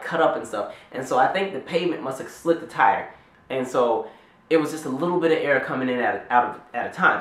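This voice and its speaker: A man in his twenties telling a rambling, animated story in a storytime vlog, with lots of "like"s. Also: medium pitch, roomy sound. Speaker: vlogger.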